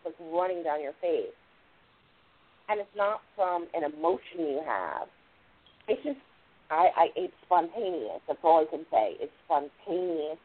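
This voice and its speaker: A woman hosting a spiritual radio show, explaining things in a rambling, casual way and often saying "like" and "literally". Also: deep voice. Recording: tinny phone-line radio audio.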